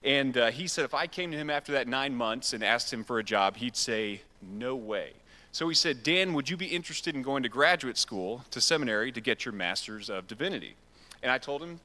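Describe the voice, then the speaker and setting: Bright-voiced preacher in a hall. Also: male voice, medium pitch, lively intonation, a little fast. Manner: casual, self-deprecating storytelling. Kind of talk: storytelling sermon. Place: church sanctuary. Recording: reverberant church hall.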